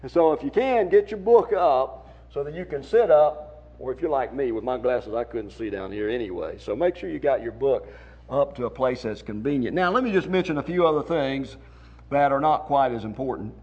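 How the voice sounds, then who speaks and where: A man's voice: mid-range voice, expressive, moderate pace, darkish tone, husky. A man with a Southern accent leading a church congregation in singing tips, folksy and encouraging. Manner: folksy, encouraging, demonstrates voice techniques. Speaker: church song leader. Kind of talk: singing workshop instruction. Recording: muffled lo-fi recording.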